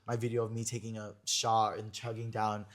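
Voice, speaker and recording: A young man hosting a podcast, telling a story in a gossipy, animated way with lots of filler words. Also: on the low side, brisk. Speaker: podcast host. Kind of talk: casual chat.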